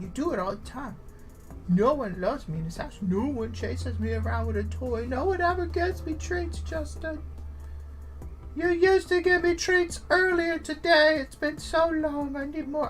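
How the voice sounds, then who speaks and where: A man's voice: very high-pitched, a bit bright. A man voicing a needy, dramatic female pet dog that whines, pleads and guilt-trips. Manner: whiny, pleading and guilt-tripping.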